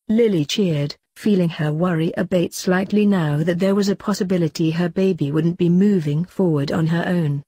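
A woman reading fanfiction aloud in a steady storytelling voice. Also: fairly low pitch, normal speed, few pauses, breathy edge, dry recording. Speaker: fanfiction reader.

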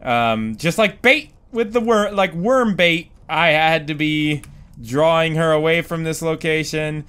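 A young man talks over a video game at an unhurried pace, his voice high and clean. He swears freely and breaks into panicked shouts and laughter at his own mistakes. He speaks close to a desk microphone. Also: clear, resonant tone. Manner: excitable, swears a lot, panics loudly and laughs at himself. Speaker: gaming commentator. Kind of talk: let's play commentary.

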